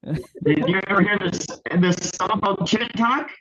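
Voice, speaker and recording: A man joining a casual live chat, hesitant and halting. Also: high voice, pushed and bright, highs cut off.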